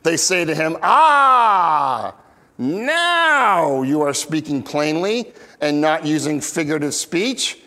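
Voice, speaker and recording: A man's voice: a little slow, few pauses, long reverb tail. A man preaching a conversational expository sermon, who acts out quoted lines in bigger voices and often restarts his sentences. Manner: animated, acts out quoted lines with big pitch jumps. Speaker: pastor.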